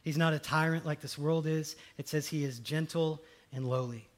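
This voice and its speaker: A male pastor preaching a conversational sermon, swinging between loud emphatic lines and soft hushed ones. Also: fairly high pitch, fairly even intonation, normal speed.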